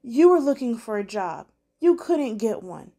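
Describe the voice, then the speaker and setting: A woman's voice: big pitch swings, a little slow, mellow. A woman voicing a distraught middle-aged mother who pleads tearfully with her son. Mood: pleading. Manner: pleading, tearful, higher pitched.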